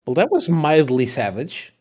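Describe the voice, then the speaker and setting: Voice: mid-range voice, wildly swooping pitch, normal speed, darkish tone, husky. A podcast guest in casual chat, wry and teasing.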